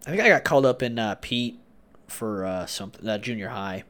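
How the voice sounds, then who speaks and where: A man's voice: lowish voice, animated, a little fast, fairly bright tone. A man in casual chat, telling crude childhood stories with a loose, joking manner. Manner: crude storytelling, acts out voices and screams.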